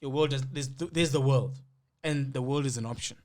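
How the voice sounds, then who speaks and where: A man of middle pitch co-hosting a casual podcast. He thinks aloud, circling back and restarting his sentences as he works through an idea. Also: fairly quick, a little mellow. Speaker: podcast co-host. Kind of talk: casual chat.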